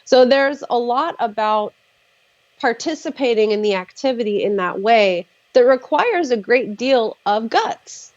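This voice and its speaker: A woman therapist talking casually on a livestream video call, measured and thoughtful with frequent fillers. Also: on the high side, animated, no echo, lo-fi sound. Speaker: therapist, regular guest.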